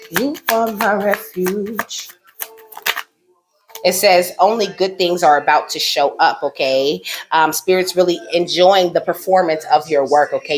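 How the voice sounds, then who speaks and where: Lowish-voiced woman giving a cozy card reading. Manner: tags nearly every sentence with "okay?"; affectionate, reassuring, speaks directly to the viewer. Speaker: spiritual card reader. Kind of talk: casual oracle card reading to camera.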